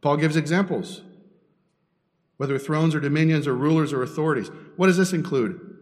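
A man's voice: on the high side, a little fast. A man preaching a teaching sermon as pastor, posing rhetorical questions and building emphasis. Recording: long reverb in a hall.

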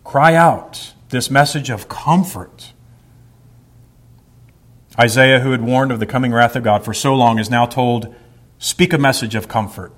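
A man preaching a sermon in a middle-pitched voice. He reads scripture at a steady pace, then explains the text verse by verse and presses his points with emphasis. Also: unhurried, long pauses. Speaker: pastor.

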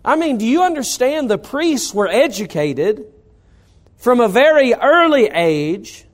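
A man's voice: extremely high pitch, big pitch swings, measured pace. A middle-aged man from North Carolina, a pastor preaching a sermon with rising emphasis.

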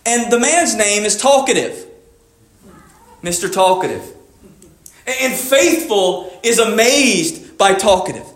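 A pastor preaches to his congregation in a high, clear voice. He drops low and slow for reflective questions, then lifts into emphatic repetition. The room around him rings with echo. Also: animated, fairly bright tone. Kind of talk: sermon.

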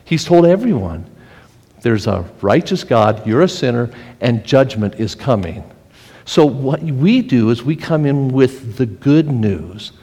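A man preaching a sermon in an earnest, conversational way, often restarting his sentences. His voice sits at a middling pitch, and it rings with a long reverb in a church hall. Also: animated, measured pace, warm tone, husky. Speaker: pastor.

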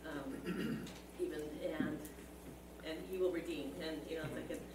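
A woman's voice: sits low, fairly even intonation, measured pace. A woman in a class discussion, speaking hesitantly with many fillers. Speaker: class participant. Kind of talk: comment in group discussion. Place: classroom, away from the mic. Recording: distant, roomy, with clear room noise.

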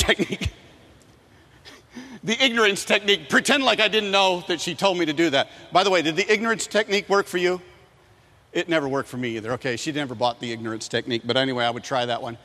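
Bright-voiced animated male preacher. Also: on the high side, big-room sound. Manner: animated, shifts into loud voices for quoted people. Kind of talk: sermon with acted-out stories.

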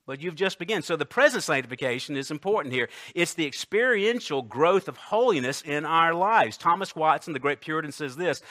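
A man preaching a sermon, emphatic, swinging between loud declarations and hushed asides, reading scripture slowly. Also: a little high, expressive. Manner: reads scripture aloud slowly and deliberately.

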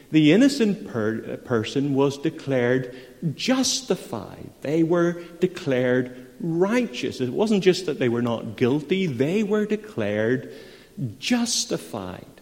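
Slow-preaching pastor in a reverberant church. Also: male voice, mid-range voice, darkish tone. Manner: slow, earnest preaching with rising emphasis. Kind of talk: sermon with scripture reading.

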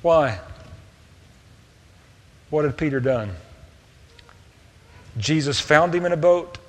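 A man preaching a sermon, earnest, moving between hushed tender passages and raised emphatic ones. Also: a little high, lively intonation, takes it slowly. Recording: long reverb of a hall.

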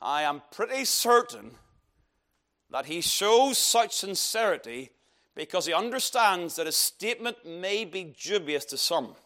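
A man's voice: high voice, big pitch swings, a little slow, bright, forceful tone. A man preaching an expository sermon, emphatic and asking rhetorical questions.

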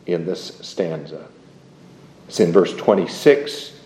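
A man giving a classroom lecture, speaking in a measured, deliberate way with pauses and fillers. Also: deep voice, dark tone. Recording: echoey room, faint room noise.

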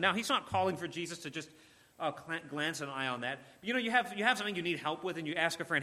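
A man delivers a sermon in a bright, forceful voice pitched a little high. He speaks earnestly and with emphasis, often repeating words and restarting phrases. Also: animated, fast. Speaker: preacher.

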